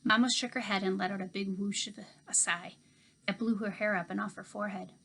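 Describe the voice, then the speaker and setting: A woman teacher reading a children's novel aloud in expressive first-person storytelling. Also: mid-range voice, fairly quick, gravelly.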